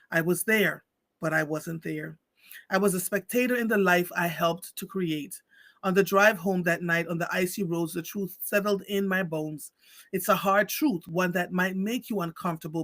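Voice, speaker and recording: A man with a high, bright, ringing voice reads a story aloud to his livestream audience. He takes it slow, with heartfelt pauses, on a close, dry mic. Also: no echo. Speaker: livestream host. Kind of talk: reading a story aloud, then chatting with viewers.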